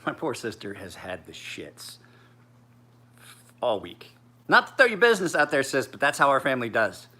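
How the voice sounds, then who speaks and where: Man, forties, tired, profane, rambling casual chat, bright sharp voice. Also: mid-range voice, very animated, normal speed, pauses often, husky. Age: 40s. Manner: profane, rambling, laid-back. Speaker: knife sharpener and maker.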